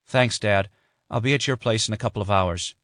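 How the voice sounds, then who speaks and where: A man voicing a young widowed mother who is grieving but composed, speaking softly and with restraint. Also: lowish voice, fairly quick, no echo, studio quality, close to an everyday voice. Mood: weary.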